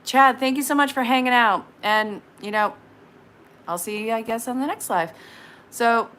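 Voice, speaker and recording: A woman's voice: fairly high pitch, a bit bright. Chatty woman in her thirties reading tarot. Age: 30s. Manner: chatty, frank, quick asides and laughs. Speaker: tarot reader on a live stream. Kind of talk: casual live-stream tarot reading.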